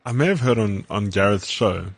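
A South African man with a fairly low voice, bantering easily with his co-host. He talks loosely and agreeably, and the close recording is dry. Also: fairly quick, breathy edge, dry recording. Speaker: podcast co-host. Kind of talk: casual chat.

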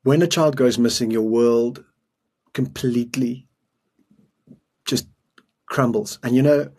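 In an interview, a middle-aged South African man, a guest, earnestly and emotionally recounts a harrowing story. His husky, breathy voice holds a steady middle pitch at a slow pace, and he stops and restarts sentences as he remembers.

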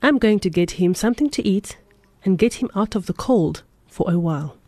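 A woman voicing a calm, kind well-off lady who speaks gently and patiently. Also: medium pitch, a little fast, no room sound, close to an everyday voice.

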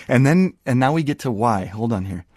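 A man co-hosting a podcast in casual chat, slowly explaining what words mean as he goes. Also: medium pitch, animated, darkish tone, husky. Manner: thoughtful, explains word meanings slowly. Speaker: podcast co-host.

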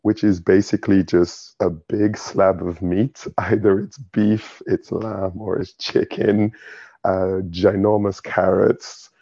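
Man, low voice, gravelly, British accent with Nigerian touches, relaxed chatty guest, dark muffled sound. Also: takes it slowly, no echo. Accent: British English with Nigerian touches. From London, England. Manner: relaxed, chatty, laughs often. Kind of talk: casual conversation.

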